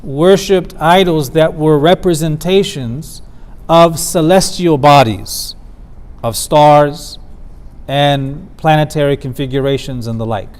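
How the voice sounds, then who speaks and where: A man teaching a theology lecture at a community center, explaining verses in a measured way and slowing down for quoted lines. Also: a little high. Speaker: Islamic studies teacher.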